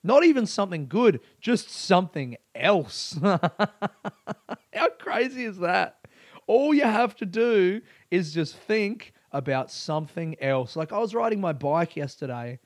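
A man's voice: fairly high pitch, dry recording. A comedian, talking in a rambling, self-deprecating way, swearing often and laughing at his own story. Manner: frequent restarts and laughs. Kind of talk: casual monologue.

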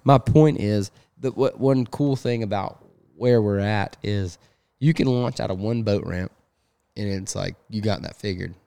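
A young man with a drawl chats on a fishing podcast in a lowish voice. He rambles, repeats himself, and livens up when he tells a story. The sound is close and dry, with no room around it. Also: unhurried, creaky, clean tone, no room sound. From Sneads Ferry, North Carolina. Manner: rambling, repeats words, animated when telling stories. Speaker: podcast host, fishing guide captain. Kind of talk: casual podcast chat.

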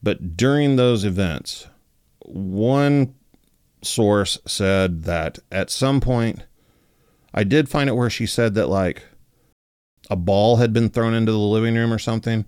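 A man with a low voice tells a story in a loose, conversational way, full of filler words. The recording is dry and close, with no room echo. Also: slow pace, clear, resonant tone. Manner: relaxed, many fillers like 'like' and 'you know'. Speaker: podcast host. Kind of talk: casual storytelling.

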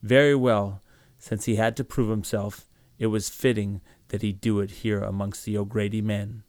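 A man narrating a story in a steady, measured reading. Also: lowish voice, dry recording.

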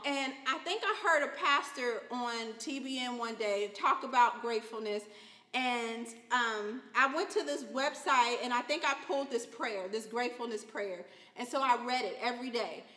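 A woman preacher giving an emotional sermon testimony, rising loud and high at key points. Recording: echoey hall.

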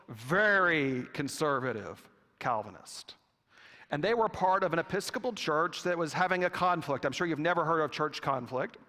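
A man preaching a sermon with a slow, deliberate delivery and long pauses. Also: high-pitched, pushed and bright. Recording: long reverb of a church hall.

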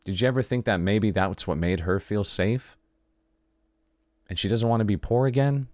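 A fairly low-pitched man talks at a normal speed over clean studio sound with no room noise. Hosting his podcast, he muses through a late-night monologue like a lively storyteller, voicing each conversation himself.

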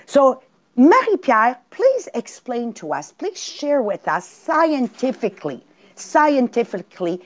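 A woman whose French first language shows, hosting a motivational podcast. She talks in a higher voice that swings widely up and down. She tells stories with lots of energy and repeats her words. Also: takes it slowly. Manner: storytelling, animated, repeats words. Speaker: podcast co-host. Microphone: remote call.

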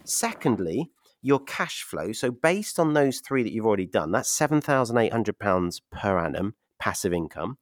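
A man's voice: on the low side, big pitch swings, moderate pace, no room sound. A man hosting a podcast interview, upbeat, laughing often and walking through figures step by step. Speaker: podcast host and property investment mentor.

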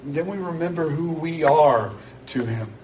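A pastor with a fairly high, darkish voice and lively intonation preaches a sermon at normal speed, earnest and emphatic, repeating key phrases to drive them home. A distant mic picks him up along with faint background noise.

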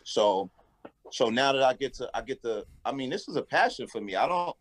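A man who is a rapper, talking earnestly in a casual interview, with many halting restarts and some swearing. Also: medium pitch, animated. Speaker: rapper and guest.

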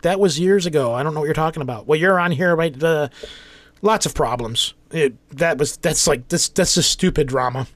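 A man's voice: on the high side, no room sound. A man, co-hosting a podcast and telling a rambling, joking story full of acted-out quotes. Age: 40s. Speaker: podcast co-host. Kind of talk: casual storytelling chat.

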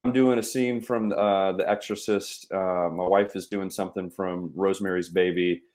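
A man's voice: low voice, fairly even intonation, normal speed, a little mellow. A man appearing as a guest actor on a podcast, laid-back and agreeable, using casual slang. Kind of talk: casual chat.

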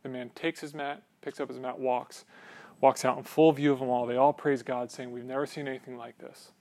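A man's voice: medium pitch, flat delivery, a little fast, darkish tone. A man preaching a sermon in a church, conversational and joking with the congregation, often checking in with "right?". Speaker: pastor.

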